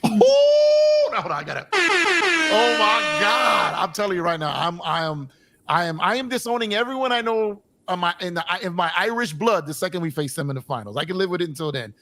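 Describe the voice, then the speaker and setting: A man's voice: sits high, fast, background noise. A man hosting a casual sports podcast, rambling with repeated words, frequent swearing and laughter. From United States. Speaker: podcast host.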